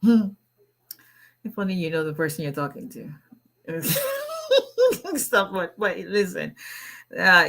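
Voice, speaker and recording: A woman's voice: fairly low pitch, a bit bright. A woman, an immigration attorney chatting casually on a livestream, greeting viewers and laughing often.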